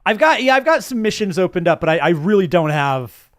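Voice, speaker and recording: Middle-aged male co-host, casual game chat, higher pitch, rambling delivery. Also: big pitch swings, brisk, a bit bright, dry recording, clean studio sound. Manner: rambling, many restarts and fillers. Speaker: podcast co-host. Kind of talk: casual chat about video games.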